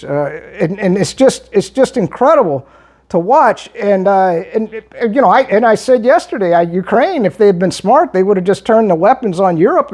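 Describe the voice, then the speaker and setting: Guy ranting back at comments, voice jumps up and down a lot, keeps restarting. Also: sits high. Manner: heated and argumentative, with many restarts. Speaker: political commentary vlogger. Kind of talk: monologue reading and replying to viewer comments.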